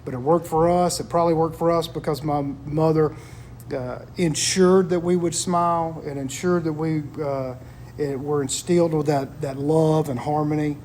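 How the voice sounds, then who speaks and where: A man's voice: a little high, steady tone, normal speed, a little mellow, slight background noise. A man talking in a casual chat, telling stories about his family in an earnest, reflective way.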